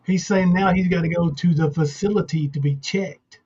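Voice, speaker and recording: A man's voice: high-pitched, fairly even intonation, normal speed, a little mellow, husky. A man co-hosting a stream, earnestly arguing his point about played clips. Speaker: co-host. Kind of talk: casual commentary on played clips. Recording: dull lo-fi audio.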